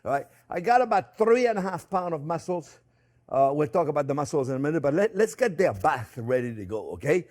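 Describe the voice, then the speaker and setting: An older French-accented man chats his way through a cooking demonstration at a slightly higher pitch than most men. He jokes with the viewers and stumbles over frequent fillers and restarts, talking easily in his kitchen. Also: sing-song, brisk, darkish tone. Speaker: chef and host. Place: home kitchen.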